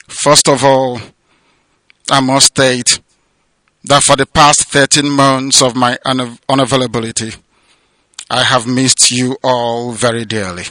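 A radio broadcaster and movement leader from southeastern Nigeria, speaking from abroad, gives an impassioned political address. His mid-range voice swings between loud proclamations and hushed emotional passages, with a repetitive, sermon-like cadence. The recording has no echo.

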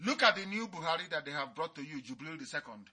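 A man's voice: on the high side, expressive, quick pace, bright, forceful tone, breathy edge. A man giving a fiery, mocking radio address, repeating his points. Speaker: radio broadcaster.

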